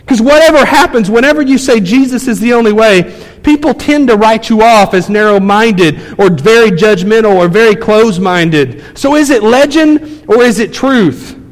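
A man's voice: sits high, moderate pace. A male pastor preaching a sermon in a church, emphatic and conversational, telling stories to his congregation. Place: church sanctuary. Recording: long church hall reverb.

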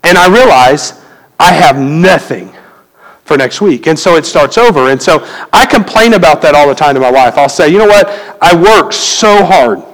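High-voiced pastor preaching in a reverberant hall. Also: male voice, expressive, moderate pace, a bit bright. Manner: conversational, asks the congregation questions. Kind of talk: sermon.

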